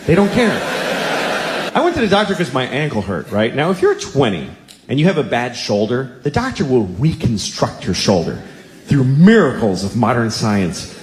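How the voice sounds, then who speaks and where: A man in his forties doing a stand-up set on a large theater stage, telling stories in a sardonic way that rises to incredulous outbursts. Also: fairly high pitch. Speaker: stand-up comedian. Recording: live stage recording, roomy and noisy.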